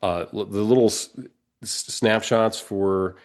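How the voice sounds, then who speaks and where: A low-voiced man co-hosts a podcast while fighting a cold. He talks in rambling, casual bursts, restarting sentences and breaking into laughter. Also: fairly even intonation, a little slow. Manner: rambling, self-interrupting, laughs often. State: has a cold. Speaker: podcast co-host. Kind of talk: casual chat.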